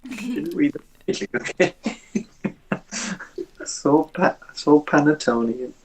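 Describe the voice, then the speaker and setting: A man's voice: a little high, animated, slow pace, darkish tone, breathy edge, poor audio. A man as a player in a tabletop game, joking around in casual chat.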